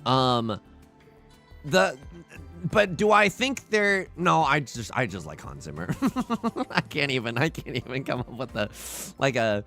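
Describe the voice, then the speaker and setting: A man's voice: mid-range voice, very animated, measured pace, vocal fry, long pauses, bright, forceful tone, soft background music. A man streaming a tile game, joking and pleading dramatically as he plays. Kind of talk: casual livestream commentary.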